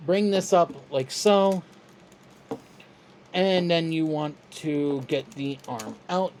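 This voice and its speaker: A toy reviewer talking through a step-by-step tutorial in a relaxed, chatty, self-deprecating way. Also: mid-range voice, a little hiss or hum.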